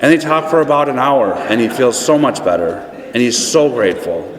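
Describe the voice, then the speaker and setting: A man's voice: medium pitch, animated, normal speed, a crowd in the background. A man from upstate New York giving a personal testimony at a recovery meeting, chatty and acting out the dialogue in his story. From Buffalo, New York. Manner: conversational, acts out dialogue in a story. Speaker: guest speaker at a recovery meeting. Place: meeting hall. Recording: echoey hall.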